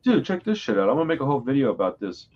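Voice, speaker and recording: Fast-talking animated male podcast host. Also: medium pitch, dull audio. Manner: animated storytelling, acts out quotes loudly. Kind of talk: casual chat.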